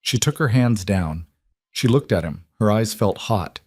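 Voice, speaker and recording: A man narrating a story in a steady, unhurried way. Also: on the low side, husky, no room sound, studio quality. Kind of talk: scripted narration.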